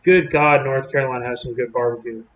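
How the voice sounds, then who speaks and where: Chatty storm-chasing streamer, echoey lo-fi. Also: male voice, mid-range voice, fairly even intonation, fast, a bit bright, slight background noise. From Texas. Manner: chatty, rambling, drawling with fillers. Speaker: live storm-coverage streamer. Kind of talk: casual live-stream commentary.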